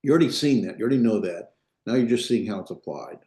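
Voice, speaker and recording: A man's voice: lowish voice, expressive, fast talker, mellow, reverberant. A man lecturing a class, talking loosely with frequent restarts and checking in with his students. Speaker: Biblical Hebrew teacher.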